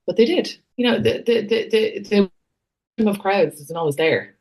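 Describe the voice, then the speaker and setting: A woman's voice: medium pitch, lively intonation, moderate pace, vocal fry, a little mellow. A woman co-hosting a political podcast, giving blunt, wry opinions with dry humour. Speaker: podcast co-host. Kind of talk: casual political chat.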